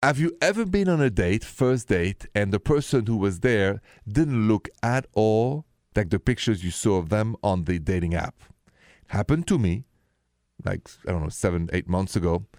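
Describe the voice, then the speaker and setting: A man's voice: fairly low pitch, expressive, moderate pace, darkish tone, no room sound, studio quality. A man, hosting a late-night radio call-in show and confiding about his own dating life. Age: 50s. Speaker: radio host.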